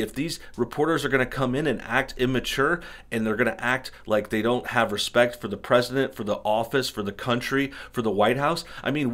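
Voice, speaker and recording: Indignant and opinionated, a political commentary host reacts to news clips with a string of rhetorical questions. His voice is mid-range and a bit bright.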